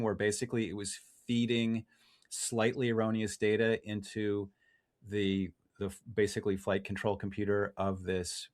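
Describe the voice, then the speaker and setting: A man, a freelance journalist, talking casually in an interview, often restarting his sentences and correcting himself. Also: fairly low pitch. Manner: restless, self-correcting, many restarts and fillers. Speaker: freelance journalist, podcast guest.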